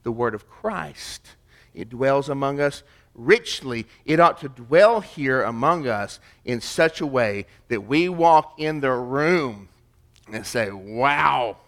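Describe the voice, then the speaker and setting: Emphatic preaching man, higher voice. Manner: emphatic preaching, swings between loud and hushed. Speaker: pastor. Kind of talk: sermon.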